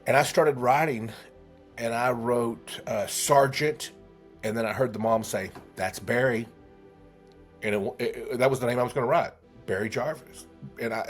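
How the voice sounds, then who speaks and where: A man telling a heartfelt story as a podcast guest, earnest, with many restarts. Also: medium pitch. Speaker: guest, memory trainer.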